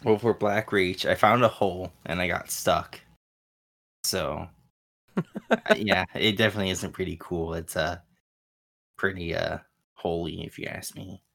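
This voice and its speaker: A man's voice: low-pitched, steady tone, unhurried, gravelly, fairly bright tone. A man co-hosting a casual gaming podcast, laid-back and hesitant, full of fillers as he recounts his play. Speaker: podcast co-host.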